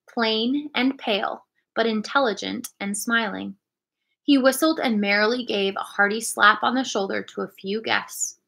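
Bright woman reading a storybook aloud. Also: a little high, vocal fry. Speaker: reader.

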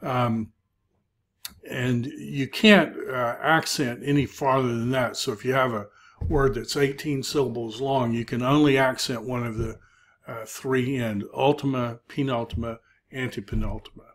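A man's voice: medium pitch, steady tone, a little slow. A man teaching a recorded video lecture as an instructor, explaining step by step with frequent hesitations and filler sounds. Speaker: Greek instructor.

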